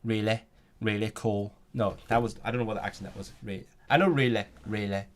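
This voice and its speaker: A young man hosting a casual language-learning live stream, reacting to chat, often restarting his sentences and trying out halting Turkish and Welsh phrases. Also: lowish voice, steady tone.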